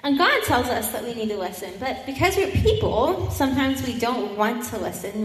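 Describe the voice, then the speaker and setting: A woman's voice: on the high side, animated, normal speed, few pauses. A woman giving a children's message in church, upbeat and coaxing as she talks to young kids on a handheld mic. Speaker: children's sermon leader. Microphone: handheld microphone. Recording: echoey hall, faint room ambience.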